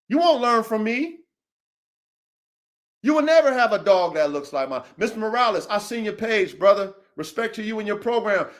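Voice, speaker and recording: Male podcast host, high voice, slangy and combative, muttered asides and loud emphatic punches. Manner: confrontational, slangy, repeats a taunting catchphrase. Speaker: podcast host, dog breeder. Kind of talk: livestream podcast monologue.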